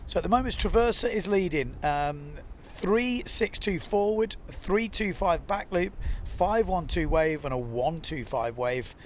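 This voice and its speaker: A young man commentates live on a sport in a relaxed, chatty way, often filling gaps with "you know" as he talks. His voice sits a little higher than most men's. A faint hum of noise runs underneath. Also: unhurried. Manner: chatty, reads viewer comments, frequent "you know" fillers. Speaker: windsurf livestream commentator.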